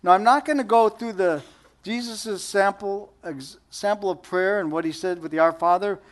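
A man's voice: sits high, moderate pace. A middle-aged man preaching a conversational sermon, joking and asking the audience questions. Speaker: pastor.

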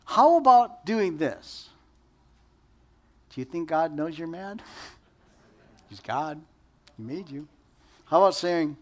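A middle-aged man delivers a sermon in a relaxed, conversational way. His voice sits high for a man, and he keeps it light with jokes and quick questions to his listeners. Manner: conversational, joking, asks the audience questions. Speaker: pastor.

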